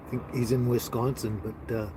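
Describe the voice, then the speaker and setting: A man hosting a casual livestream on his phone, talking slowly to viewers with many fillers and halting restarts. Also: medium pitch, level tone, warm tone, slight background noise. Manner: slow, halting, sympathetic talk with many fillers. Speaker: livestream host. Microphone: handheld phone.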